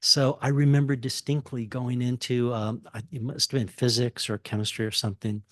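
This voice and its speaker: An older man from Texas tells a story at a campus talk, chuckling often and restarting his sentences. His voice sits at an ordinary middle pitch and sounds close and dry, with no room echo. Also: level tone, moderate pace, fairly bright tone. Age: 60s. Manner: casual, chuckling, many fillers and restarts. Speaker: guest speaker. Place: lecture hall.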